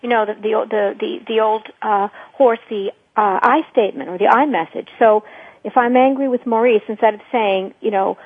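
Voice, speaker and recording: A woman working as a couples therapist, explaining and acting out examples of anger in a lively, teaching way. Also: fairly high pitch, normal speed, husky, no room sound. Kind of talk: radio talk. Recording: dry phone-line radio sound.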